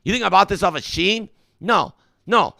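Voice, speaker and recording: A man's voice: high voice, expressive, moderate pace, vocal fry, sharp tone, no echo, clean studio sound. A man hosting a comedic mock call-in hotline, indignant, preachy and exasperated with his callers. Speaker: call-in show host.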